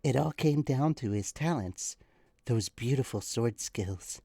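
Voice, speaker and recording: A man reading a story as a soft-spoken heroine, in a whispered role-play voice. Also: medium pitch, lively intonation, unhurried, gravelly, no room sound. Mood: soft, hushed.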